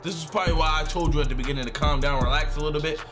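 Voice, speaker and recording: A young man giving excited, slang-heavy commentary while playing a wrestling video game, repeating himself and shouting as he reacts. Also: a little high, very fast. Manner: hyped, repetitive slang talk. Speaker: gaming YouTuber. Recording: game music underneath.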